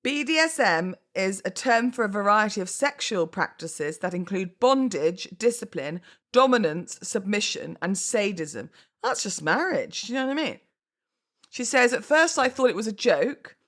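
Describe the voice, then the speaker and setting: A woman's voice: medium pitch, fairly bright tone. A woman hosting a casual solo podcast, chatty and oversharing, often laughing at herself and going off on asides. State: pregnant, baby kicking. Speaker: podcast host.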